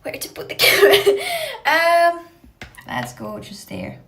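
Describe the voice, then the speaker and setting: A woman's voice: extremely high pitch, lively intonation, unhurried, fairly bright tone. A young woman from Russia telling a rambling story in casual chat, laughing often and swearing. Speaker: streamer.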